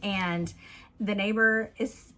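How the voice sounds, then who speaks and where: A woman's voice: medium pitch, steady tone, slow pace, sharp tone, slight background noise. A woman book vlogger chatting casually through plot recaps, giggling often and leaning on "like" as she goes. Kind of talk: casual book review chat.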